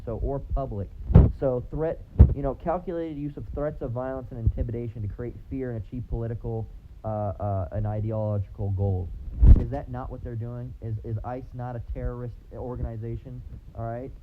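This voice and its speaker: A man giving impassioned religious commentary as a preacher, rambling and repetitive, swearing freely and groping for words. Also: mid-range voice. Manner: rambling, repetitive, profane, restarts and gropes for words. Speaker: street preacher.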